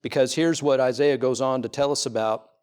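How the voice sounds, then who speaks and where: A middle-aged male pastor preaching a sermon at a church service. He uses repeated rhetorical questions and swings between loud, ringing lines and hushed ones. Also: mid-range voice, steady tone, fairly quick, clear, resonant tone.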